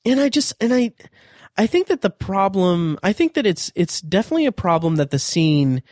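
Solo podcast host, male, fairly high voice, dry close sound, rambling and nitpicky. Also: very animated, moderate pace, darkish tone, no room sound. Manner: thinking aloud, frequent restarts and "um"s, nitpicky. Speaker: podcast host reviewing a TV episode.

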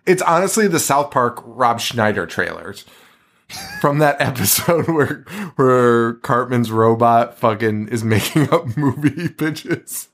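A man in casual podcast banter, talking with loose, excitable energy and breaking into laughter often. His swearing comes easily, and his voice sits at an ordinary male pitch. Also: slow. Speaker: podcast co-host. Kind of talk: casual chat.

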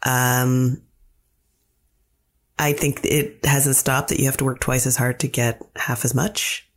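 A woman playwright being interviewed, telling stories in a lively way and acting out the quotes. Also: a bass voice, takes it slowly. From Canada. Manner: animated storyteller who acts out quotes. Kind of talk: casual interview talk.

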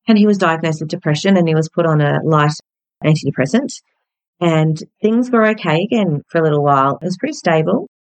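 A woman's voice: lowish voice, gravelly, dry recording, rough recording. An Australian woman in her forties hosting a podcast, telling a personal story candidly and bluntly and swearing freely. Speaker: podcast host.

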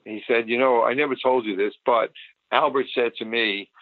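A man's voice: mid-range voice, steady tone, normal speed, no echo. An older man, a photographer, recalling his past in a rambling, casual interview. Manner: rambling, with many restarts and fillers. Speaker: photographer guest. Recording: tinny phone line, dry.

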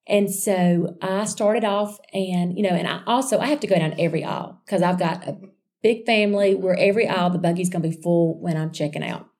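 A woman sharing a personal faith testimony in a chatty, animated storytelling way, calling her listeners y'all. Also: on the low side, brisk. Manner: chatty and animated, addressing listeners as y'all, with frequent restarts and asides.

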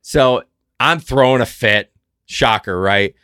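A man co-hosting a podcast, telling a story in casual chat, animated, jumping between loud outbursts and muttered asides. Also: mid-range voice, slow pace, clear, resonant tone, no room sound, studio quality. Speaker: podcast co-host.

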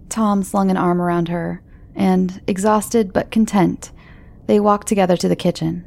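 Gravelly, low-voiced woman narrator. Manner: calm, measured storytelling. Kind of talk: scripted horror narration.

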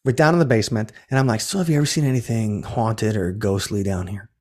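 His voice sits on the low side and is a little mellow, and he talks fast. The man runs ghost tours and, in an informal interview, tells a rambling story full of restarts, self-corrections, and acted-out dialogue.

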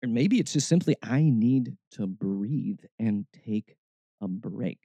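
A man's voice: lowish voice, expressive, takes it slowly, dark tone, dry recording. A man hosting a faith podcast, talking in a casual, reflective way and often restarting his words. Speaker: podcast host.

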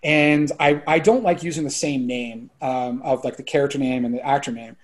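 A man around forty, a filmmaker guest chatting on a podcast, excitable and rambling, full of "like" and casual swearing. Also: medium pitch, moderate pace.

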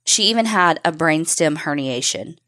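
A woman's voice: sits low, expressive, moderate pace, a bit bright. A woman co-hosting a podcast, bluntly recounting a true crime case and swearing. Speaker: podcast co-host.

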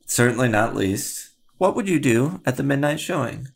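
A man's voice: medium pitch, lively intonation, moderate pace, creaky, slightly rough. A man hosting a casual horror movie podcast, joking and laughing with his co-hosts. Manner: laughing, jokey, puts on silly voices in quotes. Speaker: podcast host.

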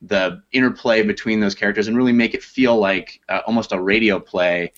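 A man, an actor and audiobook narrator, talking in a relaxed, self-deprecating way in a podcast interview. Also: lowish voice, a little fast, highs cut off.

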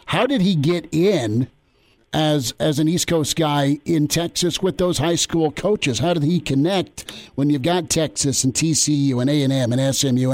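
A man with a somewhat high voice hosts a sports talk radio show. He poses long, winding questions, doubling back on words as he goes. The delivery is conversational and unpolished. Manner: rambling, repeats words as he builds questions.

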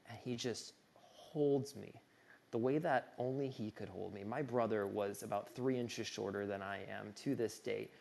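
A man's voice: on the low side, vocal fry, darkish tone. A young man telling a personal story in an earnest, conversational way, full of casual fillers and speaking of his own grief with feeling.

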